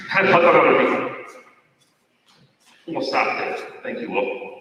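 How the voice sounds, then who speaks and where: A man's voice: medium pitch, very animated, slow, pushed and bright, muffled recording, slight background noise. A middle-aged man, a football coach, giving an end-of-season awards speech in a folksy, rambling way with many fillers and restarts. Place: large echoey hall at an awards night. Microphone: far from the microphone. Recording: echoey hall from far off.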